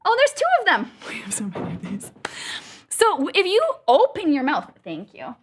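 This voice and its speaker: A woman's voice: high voice, huge pitch swings, normal speed, slight background noise. A woman teaching a live online singing lesson, upbeat and playful, showing exercises with sung sounds over a video call. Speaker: vocal coach.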